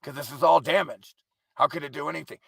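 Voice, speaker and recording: A man's voice: fairly high pitch, quick pace, creaky, a bit bright, breathy edge, no echo. A man hosting a live stream, ranting in a profane, contemptuous monologue.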